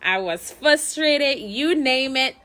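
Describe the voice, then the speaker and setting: A woman with a slightly high voice, vlogging as a mother. She tells her story casually to the camera, chatty and animated, with many fillers and plenty of laughter. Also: slow pace.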